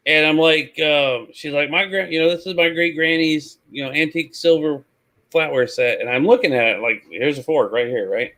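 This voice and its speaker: A man on a talk show, telling a lively anecdote and acting out the voices. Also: fairly high pitch, normal speed. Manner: animated, acts out voices in anecdotes. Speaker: guest, reseller. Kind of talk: casual storytelling.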